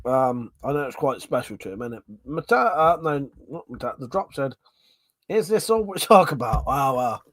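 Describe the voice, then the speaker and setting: A man's voice: medium pitch, lively intonation, normal speed, a bit bright, dry recording. A man hosting a livestream, casually chatting, reading viewer comments and laughing often through crude banter. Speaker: livestream host.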